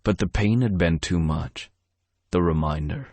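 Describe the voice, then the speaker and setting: A man narrating a first-person romance audiobook in a brooding, steady way on a close studio mic. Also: low-pitched, measured pace, no room sound.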